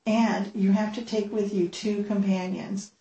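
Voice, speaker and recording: A woman's voice: medium pitch, level tone, unhurried, dark tone, roomy sound, a little hiss or hum, poor audio. A woman speaking earnestly at a church gathering, retelling a story and sharing her own experience. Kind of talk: sermon-style storytelling.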